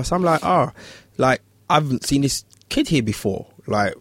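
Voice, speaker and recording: A barber chats casually at a normal speed, telling a story with no echo around him. He's animated, acting out the people in it with high-pitched voices.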